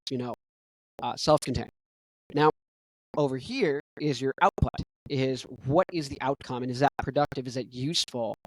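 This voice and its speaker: A man's voice: mid-range voice, a little mellow, no echo, rough recording. Rambling young man hosting a podcast. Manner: rambling, full of "right?" and "you know" asides. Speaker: podcast host. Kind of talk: casual solo podcast monologue.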